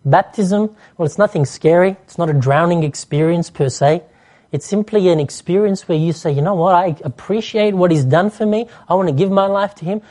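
A man's voice: high voice, a little fast. A man preaching a sermon, earnest and appealing, acting out short bits of dialogue. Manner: earnest, warm pastoral appeal with dramatized dialogue.

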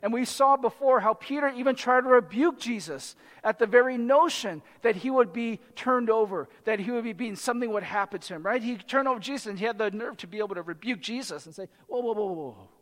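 A man's very high, slightly bright voice races along with hardly any pauses, trailed by a long reverb tail. He is a pastor preaching in a chatty style, frequently asking the congregation "right?"

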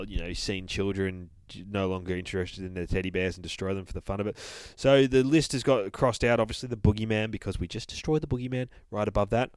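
A man's voice: on the low side, dry recording. A man hosting a podcast, casually recapping a comic book in a profane, rambling, enthusiastic way. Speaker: podcast host reviewing a comic.

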